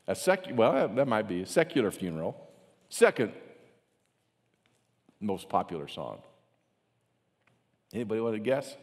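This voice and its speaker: Animated male pastor preaching in a hall. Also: on the low side, normal speed, long pauses. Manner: animated, acts out mocking voices. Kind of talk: sermon. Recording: long hall reverb.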